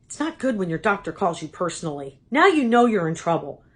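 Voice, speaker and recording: A woman giving a personal testimony talk as a Christian speaker, telling her story in an animated, expressive way with dramatic asides. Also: mid-range voice, brisk.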